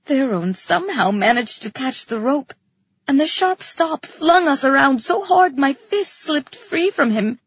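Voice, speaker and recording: Audiobook narrator: woman, high and breathy, slow, tense storytelling, lo-fi sound. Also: lively intonation, no room sound. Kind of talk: scripted first-person narration.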